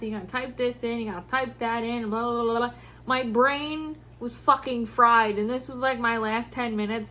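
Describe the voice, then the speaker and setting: A woman vlogger venting about her workday in animated, profane casual talk, laughing often. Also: on the high side, slight background noise. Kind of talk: casual venting about work over a drink.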